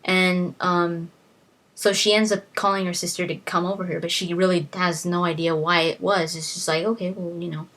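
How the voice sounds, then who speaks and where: A woman's voice: lowish voice, flat delivery, normal speed, fairly bright tone. Casual young woman rambling through a recap. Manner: rambling, quotes characters with "he's like", frequent restarts. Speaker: video uploader retelling a novel's plot.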